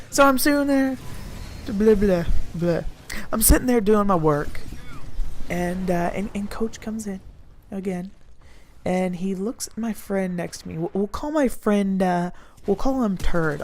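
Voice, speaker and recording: A young woman casually telling a rambling school story in an animated, crude way. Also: lowish voice, a little hiss or hum. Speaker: storyteller vlogger.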